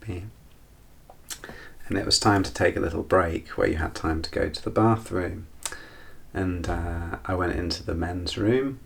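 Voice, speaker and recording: Deep, creaky male host; rambling, reflective storyteller. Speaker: channel host. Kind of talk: casual storytelling monologue.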